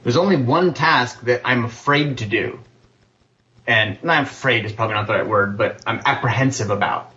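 A man's voice: mid-range voice, moderate pace, sharp tone, highs cut off. A man speaking earnestly and candidly as a panelist. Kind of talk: panel discussion.

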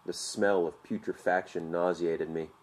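A man narrating an audiobook in a measured, vivid storytelling manner. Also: low-pitched, steady tone.

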